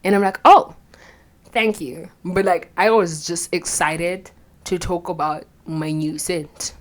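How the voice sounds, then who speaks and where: A woman's voice: on the low side, steady tone, measured pace. Blunt, profane young woman. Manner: blunt and profane, drops into whispered asides. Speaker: vlogger. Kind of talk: candid storytelling monologue.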